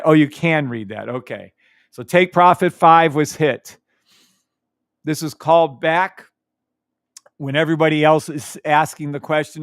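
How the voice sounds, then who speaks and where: Smooth-voiced, hyped male trading streamer. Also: on the high side, normal speed, pauses often, dry recording, studio quality. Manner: hyped, teasing, hums and chats with viewers. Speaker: trading live-stream host. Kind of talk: casual live-stream chart talk.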